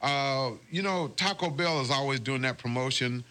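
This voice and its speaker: A man's voice: mid-range voice, moderate pace, sharp tone. A man with a Southern US accent hosting a local morning radio show, chatting and joking on air. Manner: jokey, upbeat, chatty. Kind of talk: casual on-air banter. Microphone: studio microphone.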